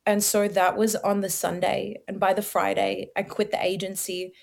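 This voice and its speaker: A young adult woman, telling her personal testimony as a podcast guest in an animated, slangy way. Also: mid-range voice, moderate pace, gravelly. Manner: animated storyteller, slangy, many likes and ums.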